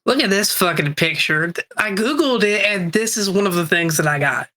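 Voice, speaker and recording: A man's voice: high-pitched, expressive, normal speed, bright, forceful tone. A man co-hosting a podcast while sick, rambling casually with restarts and swearing. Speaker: podcast co-host. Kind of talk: casual chat.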